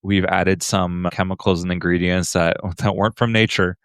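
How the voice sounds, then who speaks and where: A low-voiced man from the United States hosts a casual podcast and tells stories with a playful, joking streak. The recording is dry and close, with no room around his voice. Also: steady tone, normal speed, fairly bright tone, clear, resonant tone, no room sound. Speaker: podcast host and author.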